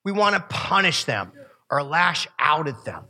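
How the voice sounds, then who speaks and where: Bright-voiced man telling stories to a youth group. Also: fairly high pitch, big pitch swings, measured pace. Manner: storytelling with laughs and asides to the room. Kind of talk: sermon-style talk to a youth group.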